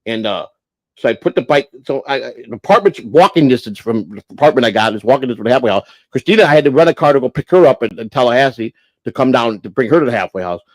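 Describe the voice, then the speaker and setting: A man's voice: mid-range voice, animated, quick pace, dry recording. A middle-aged man from Chicago telling a rambling, profane story on a livestream, acting out what others said. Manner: profane, rambling, acts out quoted voices. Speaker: livestream host. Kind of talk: casual storytelling.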